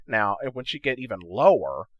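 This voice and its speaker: Chatty man explaining software, dry sound. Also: lowish voice, very animated, brisk, dry recording, muffled recording. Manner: loose and chatty, checks in with "okay?" and "right?". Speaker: gaming channel host teaching audio editing. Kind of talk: casual screen-recorded tutorial.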